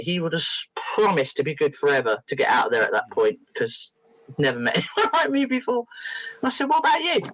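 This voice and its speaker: A woman's voice: deep voice, no echo, poor audio. A middle-aged woman, a therapist, telling stories animatedly as a guest and acting out the voices in them. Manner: lively, acts out the voices in her stories. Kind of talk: animated storytelling.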